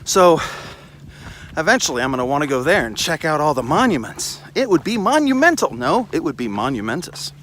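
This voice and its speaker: A man with a slightly high voice rambles cheerfully along an outdoor trail, cracking jokes at his own expense. He talks into a handheld camera as he walks. Clear outdoor ambience and passing traffic sit behind his voice. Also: big pitch swings, a little fast, fairly bright tone, low-quality recording. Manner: joking, rambling, self-mocking. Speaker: vlogger. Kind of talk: rambling casual chat while hiking. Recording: outdoor wind and traffic noise.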